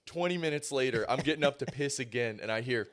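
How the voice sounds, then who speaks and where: A young man in his twenties, a podcast host telling animated stories in casual chat and mimicking others. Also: mid-range voice, quick pace.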